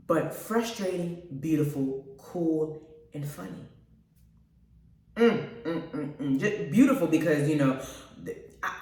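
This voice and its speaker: Gushing woman host in an echoey room. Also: fairly low pitch. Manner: gushing, animated, chatty with listeners. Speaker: radio show host. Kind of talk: casual movie review chat. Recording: very echoey room, mic at a distance.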